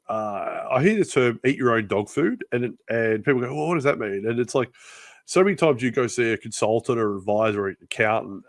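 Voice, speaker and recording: A man's voice: mid-range voice, dry recording. A man hosting a business podcast in casual, rambling chat. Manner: rambling, restarts often. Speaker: podcast host.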